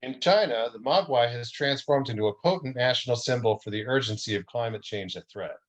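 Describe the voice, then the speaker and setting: Man, deadpan reader, mock-documentary story, mid-pitched voice. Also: brisk, muffled recording.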